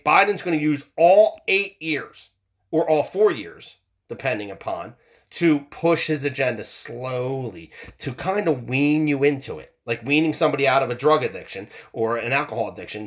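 A man ranting heatedly, swearing often and repeating himself as he works up his argument. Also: a little high. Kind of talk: political rant monologue.

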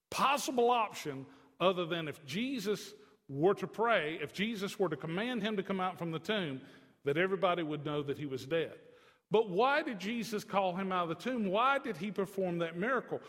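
Folksy preacher with a ringing hall echo. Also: male voice, high-pitched, lively intonation, moderate pace. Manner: folksy and joking, swinging from soft to emphatic. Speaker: pastor. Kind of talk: sermon.

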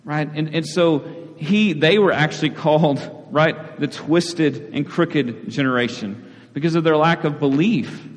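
A man's voice: fairly high pitch, a little slow. Conversational male pastor in a reverberant hall. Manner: conversational, repeats words, frequent "right?" asides. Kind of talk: sermon.

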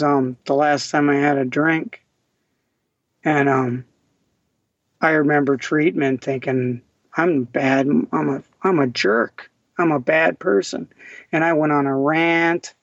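A man in his forties speaks as a podcast guest, telling a personal recovery story in a raw, halting way, often restarting his sentences. His voice sits a little high. The recording is dry and somewhat dull, like lo-fi podcast audio. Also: no room sound.

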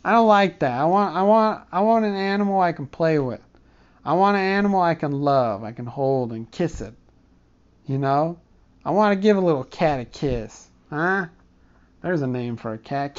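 A man telling a rambling comic story, cursing often and wandering off topic, in a dark room. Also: on the high side, expressive, moderate pace, pauses often, clean tone, lo-fi sound. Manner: rambling, profane, digressive. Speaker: comedic storyteller.

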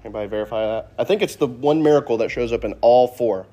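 A man's voice: medium pitch, quick pace, dark tone. A man teaching a casual Sunday Bible class in a church classroom, joking and asking the class questions.

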